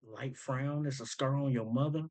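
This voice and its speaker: Swobodny mężczyzna o zwyczajnym, średnio wysokim głosie rozkłada na części teksty rapowe. Myśli na głos, powtarza wersy i tłumaczy je luźnym slangiem. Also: male voice, mid-range voice, steady tone, moderate pace, over music. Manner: thinks aloud, repeats lines back, slangy and loose. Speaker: host breaking down rap lyrics. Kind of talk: casual commentary.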